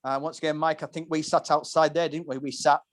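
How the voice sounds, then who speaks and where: A fast-talking man with a rather high, flat voice hosts a casual podcast in the spirit of pub conversation. He drifts through lengthy, vivid stories, frequently breaking off and beginning again.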